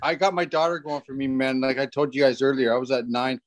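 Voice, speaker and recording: A man's voice: medium pitch, level tone, fast talker. Joking Canadian man in his forties. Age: 40s. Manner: laid-back, joking, rambling. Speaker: podcast guest, fishing guide. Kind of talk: casual chat.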